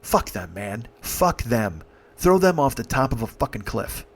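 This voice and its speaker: A man's voice: mid-range voice, sing-song, a little slow, breathy edge. Exasperated, profane male comic storyteller. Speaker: comedian. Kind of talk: comedic storytelling.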